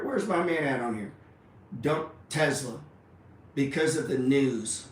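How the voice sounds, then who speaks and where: A man's voice: medium pitch, lively intonation, slow pace. Trading show guy, swears a lot, keeps saying man, roomy echo, bit of background hum. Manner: profane, blunt, repeats "man" a lot. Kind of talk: unscripted motivational talk. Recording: roomy echo with faint ambient noise.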